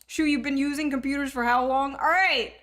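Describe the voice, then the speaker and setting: High-voiced young woman streamer joking around. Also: little pitch movement, fast. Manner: joking, rambling, self-mocking. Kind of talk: casual live-stream chat.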